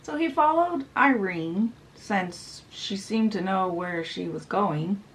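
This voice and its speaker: Chatty woman retelling a fairy tale, gravelly fry in her voice, sounds a bit far from the mic, pitched a touch high. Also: animated, slow, slight background noise. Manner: chatty retelling with "she's like" quotes. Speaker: book vlogger. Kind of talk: casual storybook summary.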